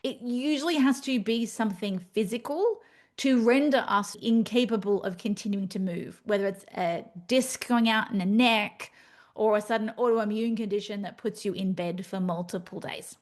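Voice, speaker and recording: A woman's voice: medium pitch, normal speed. A woman hosting a solo podcast, talking candidly and animatedly, with playful asides. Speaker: podcast host. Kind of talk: reflective solo podcast monologue.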